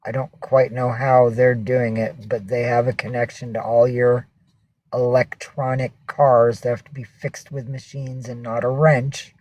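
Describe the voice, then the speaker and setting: A woman's voice: very deep voice, level tone, a little slow, darkish tone, no echo, rough recording. A woman hosting a casual livestream from home, rambling and swearing as she greets viewers and coaxes her cats. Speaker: livestream host.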